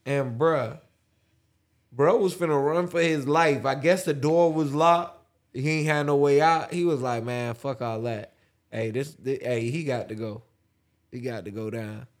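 Laid-back man telling slangy stories. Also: medium pitch. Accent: American English. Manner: relaxed slangy storytelling, drawls slowly at times. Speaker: podcast co-host. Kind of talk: casual chat.

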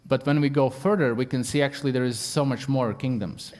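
A man giving an informal spoken talk, pausing and searching for words, with non-native phrasing. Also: medium pitch, darkish tone.

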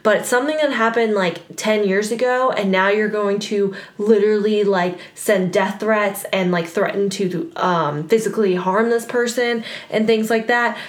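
A woman's voice: medium pitch, fairly even intonation, normal speed, few pauses. Young woman, casual chat, chatty, filler-heavy, echoey room. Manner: chatty, laughing, frequent "like" fillers. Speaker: co-host. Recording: roomy echo.

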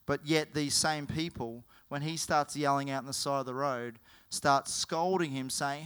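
A man preaching a sermon, telling the story in an animated way and often correcting himself mid-sentence. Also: medium pitch, moderate pace, hardly any pauses, clean tone. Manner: animated, with frequent self-corrections.

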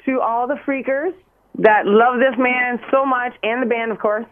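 A woman's voice: a little high, steady tone, moderate pace. A woman calling in to a radio show, talking in a gushing, emotional, rambling way. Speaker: caller. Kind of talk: phone-in chat. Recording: tinny phone line.

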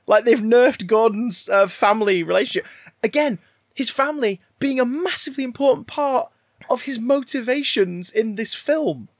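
A man's voice: extremely high pitch, normal speed, no room sound, studio quality. A man, casually ranting and riffing about a film on a podcast, swearing freely. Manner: animated, sweary, rambling. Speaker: podcast co-host. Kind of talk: casual film review chat.

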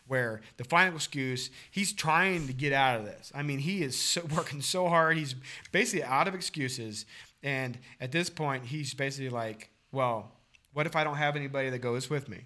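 Bright-voiced man discussing scripture. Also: medium pitch. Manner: animated, acts out quoted dialogue. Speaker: podcast co-host. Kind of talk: casual Bible discussion.

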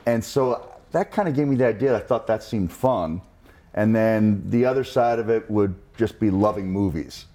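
Low-voiced middle-aged man telling wry stories. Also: moderate pace, dark tone. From New Jersey. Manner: wry, self-deprecating anecdotes. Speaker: guest. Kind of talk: casual interview storytelling.

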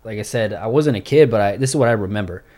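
A man's voice: on the low side, fast talker, a little mellow. Profane man telling a story. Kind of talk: casual storytelling.

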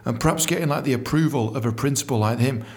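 A man's voice: medium pitch, fast, close to an everyday voice. A man voicing a polite, helpful woman official. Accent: British.

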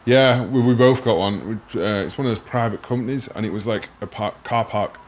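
A man with a Yorkshire accent hosts the chat in a somewhat low voice. He is easygoing and fills the gaps with quick agreement. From Rotherham, England. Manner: easygoing, lots of agreeing fillers. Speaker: podcast host. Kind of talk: casual podcast chat.

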